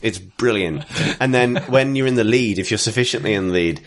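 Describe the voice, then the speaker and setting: A man co-hosting a podcast in casual chat, rambling and giggling, now and then bursting into loud impressions. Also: on the low side, fairly quick. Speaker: podcast co-host.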